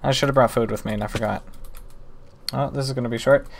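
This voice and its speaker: A man's voice: medium pitch, steady tone, fast, gravelly, a little hiss or hum. A man playing a video game and commenting live, talking to himself and the game with mock-exasperated outbursts. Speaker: gaming YouTuber.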